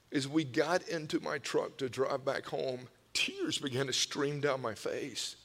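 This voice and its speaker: A man preaching a sermon, telling personal stories with emotional swings from hushed whispers to loud cries. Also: mid-range voice, expressive, measured pace, few pauses. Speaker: pastor. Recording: long hall reverb.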